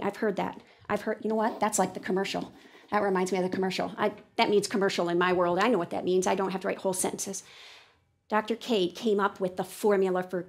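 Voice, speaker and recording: A woman's voice: mid-range voice, fast talker. A woman teaching a class, reading a text aloud and voicing her thoughts about it as she goes. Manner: animated, switching between reading aloud and thinking aloud. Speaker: teacher trainer. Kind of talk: classroom think-aloud demonstration. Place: classroom with an audience.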